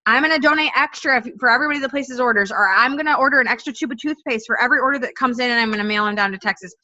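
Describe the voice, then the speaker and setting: A woman's voice: a little high, racing, bright, forceful tone, dry recording. A woman in her thirties, a stuffy-voiced team leader giving her sales team an upbeat, direct pep talk. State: stuffy from allergies. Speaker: network marketing team leader. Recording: dull, dry lo-fi recording.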